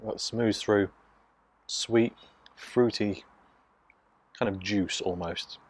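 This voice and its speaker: A man, from Nottingham, casually reviewing a beer in hushed, half-whispered tones, recorded on a phone mic out in his garden. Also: fairly low pitch, steady tone, drawn-out words, breathy edge. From Nottingham, England. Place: outdoors in a home garden.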